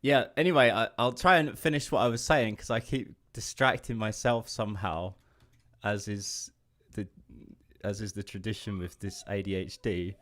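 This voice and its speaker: Man, English accent, late twenties, somewhat low pitch, rambling, distracted, laughing, casual swearing, livestream chat. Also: steady tone, normal speed, a bit bright. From England. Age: late 20s. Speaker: indie game developer streaming.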